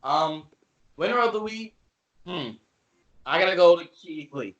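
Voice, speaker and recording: A man's voice: on the high side, lively intonation, measured pace, fairly bright tone, highs cut off. A man co-hosting a podcast, joking and teasing his co-hosts in casual chat. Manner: joking, teasing, playfully indignant. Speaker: podcast co-host.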